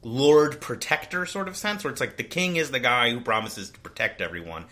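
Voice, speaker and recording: On a relaxed book podcast, a male co-host rambles through the plot summary with frequent restarts. He speaks fairly quickly in an expressive, mid-range voice that sounds pushed and bright.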